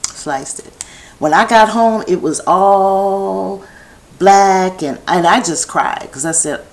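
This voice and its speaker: A woman's voice: mid-range voice, slow, rough recording. A woman vlogger talking in a meandering personal monologue from her home set, restarting her thoughts and drifting into chatty asides.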